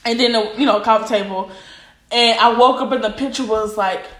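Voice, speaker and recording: A woman's voice: a little high, steady tone, fairly quick, a bit bright, reverberant. A woman in her twenties co-hosting a podcast, rambling through a story in casual slang and giggling often. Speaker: podcast co-host. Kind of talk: casual chat.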